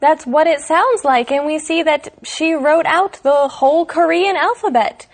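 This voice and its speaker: This woman co-hosts an English lesson show. Her voice is high and her pace is slow. She lays out each idea clearly and deliberately for learners. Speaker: co-host of an English lesson program. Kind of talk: scripted educational chat.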